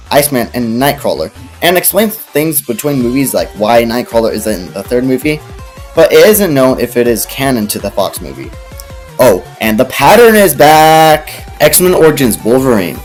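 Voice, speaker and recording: A man narrating comedic video game reviews with dry, sarcastic asides. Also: medium pitch.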